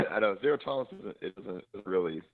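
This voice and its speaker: Co-host, male, low voice, rambling and profane, heard through a tinny phone-like line. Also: lively intonation, quick pace. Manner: rambling, swears freely, laughs often. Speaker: podcast co-host. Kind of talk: casual chat.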